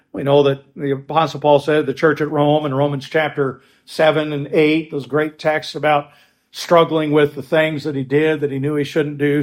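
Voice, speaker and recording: Guy preaching a sermon, kinda high voice, leans hard on words then drops quiet. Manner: emphatic preaching with pauses and restarts; swings between loud stresses and quiet asides. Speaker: pastor.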